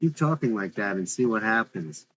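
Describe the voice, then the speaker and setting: A man reading the part of a defiant, sharp-tongued young woman, with blunt, mocking retorts. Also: fairly low pitch, expressive, normal speed, dull audio.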